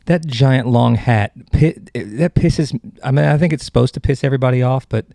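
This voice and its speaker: Dude hosting a comedy podcast, mid-pitch and kinda gravelly, rambling and restarting his sentences. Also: moderate pace, mellow, no echo, clean studio sound. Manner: rambling, self-interrupting, joking. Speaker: podcast host.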